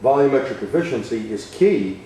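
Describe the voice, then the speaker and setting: A man co-hosting a technical webcast who is losing his voice and sounds hoarse, chatting and prompting with tag questions. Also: mid-range voice, lively intonation, fairly quick, dark tone. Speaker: co-host, technical trainer. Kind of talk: casual technical discussion. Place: auto repair shop. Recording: very echoey shop, distant mic, faint noise.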